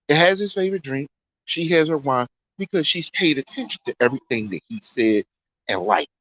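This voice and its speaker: A man's voice: medium pitch, fairly bright tone, dry recording. A man telling a story in a casual way, often repeating lines for effect. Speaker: storyteller host. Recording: dry, dull lo-fi sound.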